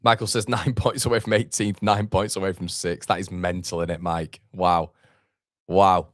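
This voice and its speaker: A man's voice: low voice, brisk, a bit bright, dry recording, clean studio sound. A man hosting a live football watchalong, chatting casually, reading out viewer comments and reacting to the match. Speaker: fan channel host.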